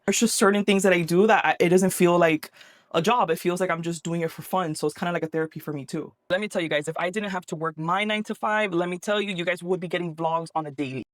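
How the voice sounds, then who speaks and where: A woman's voice: lowish voice, fast, no room sound, studio quality. A woman craft content creator talking to camera in a casual vlog, chatty and open, rambling a little as she goes.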